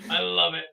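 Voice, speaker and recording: A male podcast co-host telling stories in casual chat. He is animated, acts out quotes, and stammers through restarts. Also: fairly high pitch, gravelly, husky. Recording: tinny phone-like audio.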